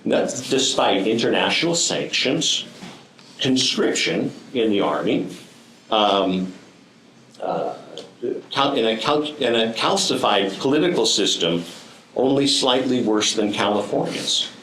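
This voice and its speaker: A man's voice: mid-range voice, sing-song, measured pace, fairly bright tone, roomy sound, a little hiss or hum, poor audio. A man giving a prepared speech to a live audience, telling stories with dry, wry humor and frequent ums. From United States. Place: room with an audience.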